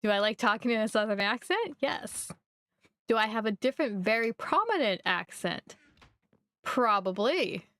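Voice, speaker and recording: A woman's voice: on the high side, sing-song, normal speed, a bit bright, no room sound. Rambling young woman streaming a game. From Missouri. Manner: rambling, chatty, self-deprecating. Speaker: livestreamer. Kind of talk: casual live gameplay chat.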